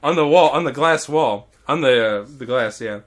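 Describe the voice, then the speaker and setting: A podcast host tells a story in casual conversation, animated, laughing often and swearing freely. His voice is mid-range and he speaks at normal speed.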